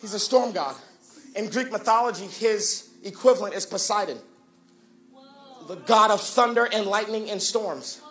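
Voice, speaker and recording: A young man preaching a sermon, shouting and half-singing at his peaks, then dropping into quick, quiet joking asides. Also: high voice, roomy sound. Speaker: pastor.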